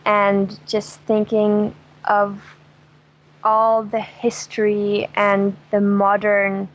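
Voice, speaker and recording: A woman's voice: medium pitch, completely flat delivery, drawn-out words, highs cut off. A woman from Germany with a German accent, a travel guest chatting casually in an interview, laughing often and telling jokes with gusto. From Dresden, Germany.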